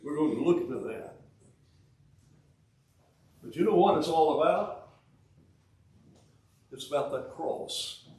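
A man in his eighties with a Southern US accent, from Alabama, preaching a sermon in a folksy way with joking asides and halting restarts. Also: fairly high pitch, expressive, a little mellow. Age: 80s. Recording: roomy sound, from a distance.

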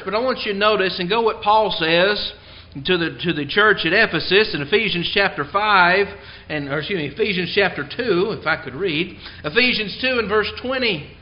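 A man's voice: high voice, highs cut off. A man preaching a Sunday sermon, hammering home key words with strong emphasis. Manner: tells a joke before the lesson.

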